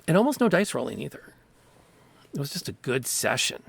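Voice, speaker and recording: A man running a tabletop game, narrating rain-soaked streets at an easy, descriptive pace. His voice carries a gravelly rasp and sounds close and dry, with no room around it. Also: mid-range voice, fairly quick, dry recording. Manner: relaxed, descriptive, with small vocal sound effects. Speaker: game master. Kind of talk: narrating a tabletop game over a video call.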